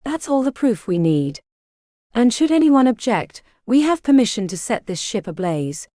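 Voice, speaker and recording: A cold, officious male captain reading out arrest orders in a clipped, formal tone, as a woman narrating puts him on. The pitch moves freely across lines. The sound is dry and close. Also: big pitch swings, moderate pace, warm tone, dry recording.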